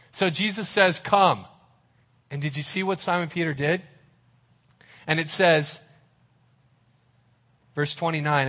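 A man's voice: on the high side, a bit bright. A man preaching a sermon as a pastor, retelling a story vividly with casual asides to the listeners.

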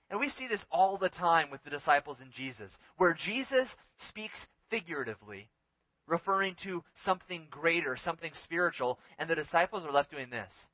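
A male preacher delivering a sermon with a bright, forward voice pitched a little high. He swings from emphatic, raised phrases down to hushed, near-whispered lines. The recording is dry and close. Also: dry recording, rough recording. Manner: expressive, rising to emphatic peaks and dropping to hushed lines.

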